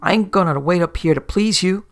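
A man doing a gruff ghost of an old hanged pirate. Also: high voice, fairly quick. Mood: bossy. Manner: loud, bossy sailor talk.

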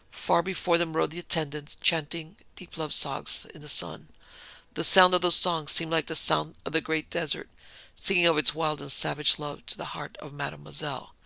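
A man narrating an audiobook in an expressive, measured reading. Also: on the high side, creaky, no echo, poor audio. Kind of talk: scripted narration.

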